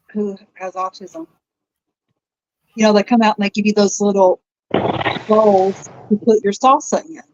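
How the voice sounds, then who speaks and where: Slow-talking woman on a lo-fi call. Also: mid-range voice, a little mellow. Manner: slow, laughing storyteller. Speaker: group chat participant. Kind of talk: casual chat.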